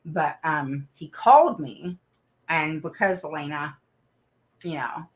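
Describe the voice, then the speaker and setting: On her livestream, a middle-aged woman who advocates for autism parents chats with viewers about her family, laughing often. She speaks slowly in a low, animated voice.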